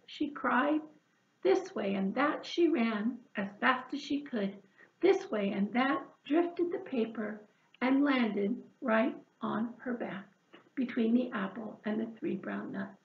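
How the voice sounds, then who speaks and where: A children's librarian reads a picture book aloud to preschoolers, slow and expressive. Her voice sits slightly high for a woman. It comes through dull and lo-fi, with an echo off the room. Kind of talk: preschool storytime read-aloud. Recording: echoey room, dull lo-fi sound.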